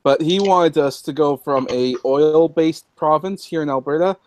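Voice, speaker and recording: A Canadian man from Alberta in a casual group chat, speaking haltingly and repeating words. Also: fairly high pitch, darkish tone, a little hiss or hum.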